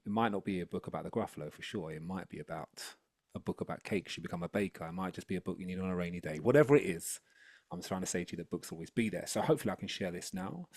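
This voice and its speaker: A rapper and educational consultant talking energetically on a video call webinar, then rapping a picture book. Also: male voice, sits low, no room sound, clean studio sound. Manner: energetic, upbeat, chatty. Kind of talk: webinar talk and live rap.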